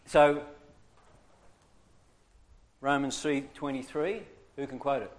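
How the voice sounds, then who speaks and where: A man's voice: mid-range voice, slow, pauses often. A man leading a training class for church teachers, coaxing his listeners along and checking in with them often. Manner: lively, coaxing, keeps checking in with "okay?".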